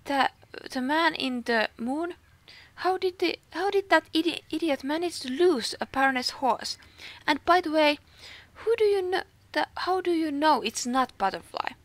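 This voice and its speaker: A woman's voice: high voice, expressive, normal speed, dry recording. A woman with a Finnish accent reading aloud as a hot-tempered female stable keeper in a game, stumbling and restarting words. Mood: angry.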